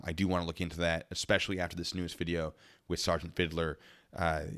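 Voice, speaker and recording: A man's voice: low-pitched, fairly bright tone. A man hosting a casual livestream, rambling and thanking donors by name. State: a little out of breath. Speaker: livestream host.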